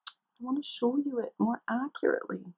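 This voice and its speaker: A young adult woman hosting a knitting podcast from home, chatting casually to camera with giggles and excitable asides. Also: a little high, moderate pace, vocal fry, husky, narrow, tinny audio.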